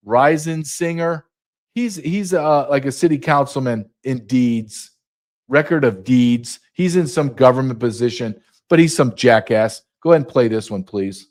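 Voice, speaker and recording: A man in his fifties hosting a political commentary show, ranting with blunt sarcasm. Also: fairly high pitch. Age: 50s. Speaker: host.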